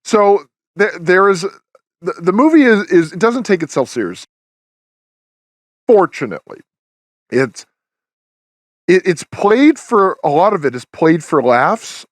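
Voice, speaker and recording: A man's voice: high voice, sing-song, a little slow, long pauses, dry recording. Chatty man reviewing a film. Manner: rambling, many restarts and fillers. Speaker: podcast host. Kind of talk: casual review chat.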